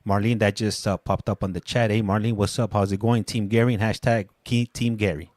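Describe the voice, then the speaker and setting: A man hosting a casual chat, relaxed and prone to stumbling over repeated words. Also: fairly low pitch, fairly quick, no room sound. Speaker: host.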